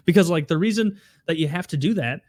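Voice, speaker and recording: A man's voice: fairly high pitch, a little mellow, dry recording, studio quality. A man talking bluntly and profanely about politics in a casual chat. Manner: blunt, profane, fast and emphatic.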